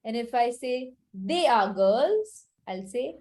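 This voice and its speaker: A woman's voice: on the high side, lively intonation, slow, dark tone, slight background noise. A woman teaching a French lesson to children, patiently repeating each phrase with its translation and checking understanding.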